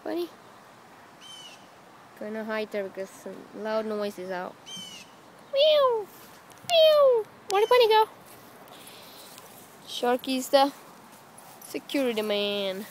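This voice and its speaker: This pet owner, speaking in a mid-range voice, holds her phone camera while filming her dog and rabbit in the back yard. She uses coaxing baby talk full of brief sing-song questions, with slight background noise audible.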